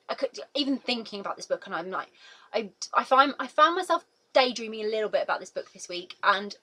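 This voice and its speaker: A woman's voice: mid-range voice, sharp tone, low-quality recording. A young woman giving a casual, emotional video book review, gushing and full of "like" and "literally".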